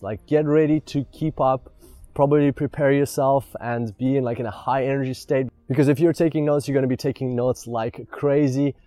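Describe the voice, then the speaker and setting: A man's voice: mid-range voice, warm tone. A man hosting a podcast, a native Russian speaker, talking with eager energy and lots of fillers like "like". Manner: enthusiastic, filler-heavy, says "like" often. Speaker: podcast host. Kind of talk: podcast intro and interview.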